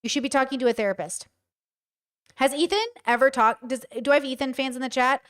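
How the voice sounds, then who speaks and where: A streamer reacting to a show talks casually and live to her chat, blunt and emphatic. Her voice sits high with a steady, fairly bright tone, and she talks fast.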